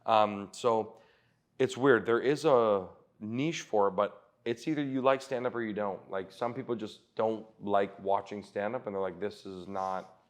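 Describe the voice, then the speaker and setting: A man, a comedian talking casually as a podcast guest and acting out quotes as he tells stories, swearing often. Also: on the low side. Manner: swearing, quick storytelling with acted-out quotes.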